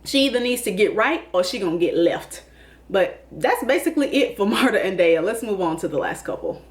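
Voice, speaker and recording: A woman's voice: mid-range voice, lively intonation, a little fast. A woman hosting a casual comedic TV recap, sassy, calling people honey and baby and laughing often. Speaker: YouTube TV recap host.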